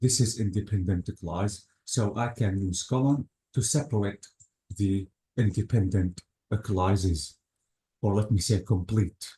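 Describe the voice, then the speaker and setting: A man's voice: lowish voice, measured pace, warm tone. A man teaching English grammar in a methodical classroom style, walking through examples step by step and leaning on words like "notice" and "absolutely". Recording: echoey room.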